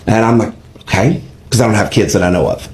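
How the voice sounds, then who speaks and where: A man's voice: on the low side, fast talker. A man telling a personal story in conversation, acting out the dialogue he quotes. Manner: animated, acts out quoted dialogue. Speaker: guest telling his story. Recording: roomy echo.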